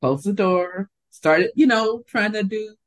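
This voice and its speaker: A woman's voice: medium pitch, takes it slowly, poor audio. An older woman co-hosting a casual chat, telling a story from her working life and acting out the people in it. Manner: animated storyteller, acts out quoted voices. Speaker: podcast co-host.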